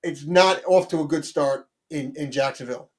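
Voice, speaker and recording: A man co-hosting a sports talk show, talking in an animated, rambling way with lots of restarts. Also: on the high side, normal speed. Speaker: sports podcast co-host.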